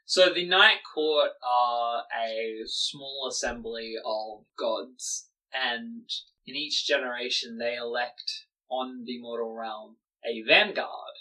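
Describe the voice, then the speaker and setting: A game master narrating a tabletop game with slow, descriptive storytelling. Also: mid-range voice, sharp tone, recorded from a distance, rough recording.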